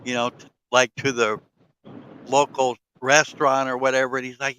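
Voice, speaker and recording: A man's voice: medium pitch, flat delivery, normal speed, bright, forceful tone, clean tone, poor audio. A man in casual chat, telling rambling stories with fillers, swearing and frequent laughter.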